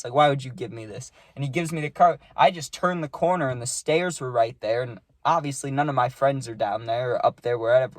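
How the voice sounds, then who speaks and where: A young man telling a rambling, animated story in casual vlog style, full of likes and rights. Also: medium pitch, no echo. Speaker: storytime vlogger.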